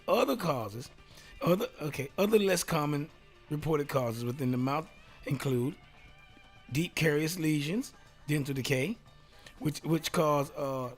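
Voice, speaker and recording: A man hosting a casual solo talk show, reading aloud and joking around, laughing often and dropping into whispered asides. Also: a little high. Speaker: radio host.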